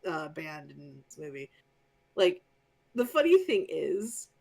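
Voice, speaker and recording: A woman's voice: low-pitched, sing-song, slow, gravelly. Passionate woman gushing in casual chat. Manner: passionate fan talk, frequent "like" fillers, casual swearing. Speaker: podcast co-host.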